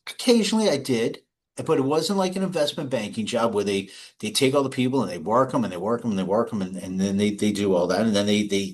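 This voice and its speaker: Chatty middle-aged man telling anecdotes. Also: medium pitch. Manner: rambling, anecdotal, frequent restarts and laughs. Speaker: guest. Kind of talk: casual interview talk. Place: home or office.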